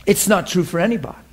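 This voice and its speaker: A man's voice: high-pitched, creaky, darkish tone, husky. A man preaching a sermon to a class, emphatic and fervent, often asking the audience questions and laughing with them.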